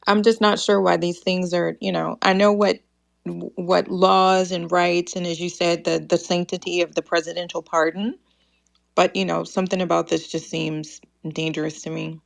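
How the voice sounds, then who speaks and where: A woman's voice: on the low side, flat delivery, normal speed, vocal fry, rough recording. A woman on a casual online panel, sounding concerned and unsure.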